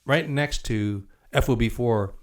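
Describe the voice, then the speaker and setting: A man's voice: mid-range voice, a little slow. An older man hosting an interview, affably prompting his guest with follow-up questions and added detail. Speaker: podcast host.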